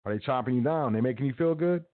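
The recording sounds tinny, like a phone, as a medium-pitched, fast-talking podcast host delivers a motivational talk. He preaches in a casual way, urging his audience again and again.

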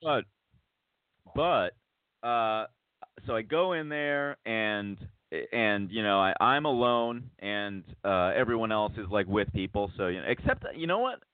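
A man's voice: lowish voice, expressive, measured pace, clean tone, no echo. Man rambling through a story, phone-like sound. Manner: rambling, lots of restarts, acts out quotes. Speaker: podcast host. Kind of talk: casual storytelling chat. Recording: tinny phone-like dry sound.

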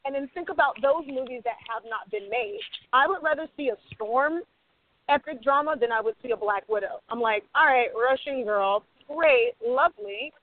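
A woman's voice: sits high, a little fast, no room sound. A woman screenwriter talking emphatically on a panel, acting out snatches of dialogue as she makes her points. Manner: emphatic, acts out quoted dialogue. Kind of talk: animated panel discussion. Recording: tinny phone-like audio.

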